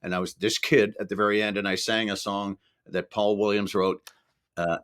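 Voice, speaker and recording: A man's voice: on the low side, little pitch movement, normal speed, fairly bright tone, clear, resonant tone. An older man from Ireland, a podcast guest telling rambling anecdotes in casual storytelling talk. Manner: rambling anecdotes with laughs and acted-out quotes.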